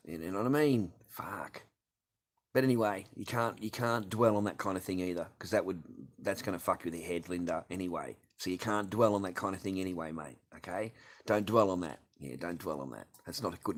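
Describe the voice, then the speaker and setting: A man's voice: deep voice, a little fast. A middle-aged man, hosting a casual livestream, reading and answering chat with constant swearing and sarcasm.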